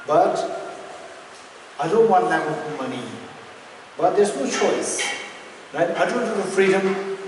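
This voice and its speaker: A man's voice: high voice, far from the mic, slight background noise. A male Buddhist teacher giving an interactive dharma lesson, questioning his audience and repeating key points for emphasis. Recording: echoey hall recorded from afar.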